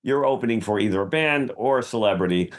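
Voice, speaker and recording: A man co-hosting a comedy podcast, chatting about joke writing, halting and repeating words as he thinks. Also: mid-range voice, expressive. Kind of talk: casual chat about writing jokes.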